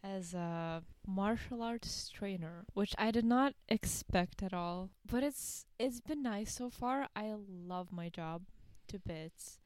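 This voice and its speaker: A nineteen-year-old woman chats on her podcast in a mid-range voice, quick to giggle. She talks loosely about her life with a friend. The recording is dry and close. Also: medium pitch, no echo. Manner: giggly, breaks into laughter. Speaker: podcast co-host. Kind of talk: casual chat.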